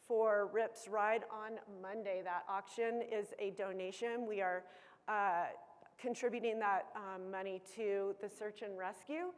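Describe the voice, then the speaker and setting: A woman giving an upbeat conference presentation about her ski area's season, with some filler ums. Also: mid-range voice. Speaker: ski area operations chief. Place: conference hall. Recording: long reverb of a conference hall.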